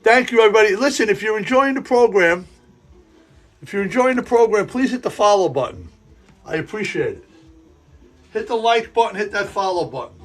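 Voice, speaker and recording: High-voiced sniffly man, rambling live chat. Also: lively intonation, fairly bright tone, soft background music. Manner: rambling, halting, repeats himself. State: sniffly and sneezing. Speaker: livestream host running a model railroad. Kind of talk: casual live-stream chat while working. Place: indoor room with a model railroad layout. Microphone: earpiece in ear.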